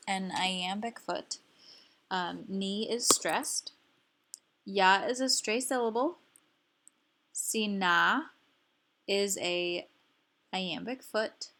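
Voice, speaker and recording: Slow, careful woman teaching pronunciation. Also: mid-range voice, pushed and bright. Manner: slow, careful, repeats each word for learners. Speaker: language teacher. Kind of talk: slow instructional explanation.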